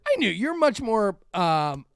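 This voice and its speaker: A man hosting a podcast in casual chat, animated and rambling with many restarts. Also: high voice, unhurried, no room sound. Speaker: podcast host.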